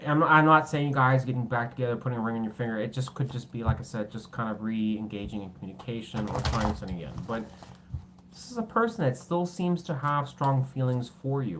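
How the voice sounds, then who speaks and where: A woman's voice: a bass voice, slight background noise. A woman giving a casual tarot reading, rambling and joking between cards and swearing now and then. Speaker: tarot reader.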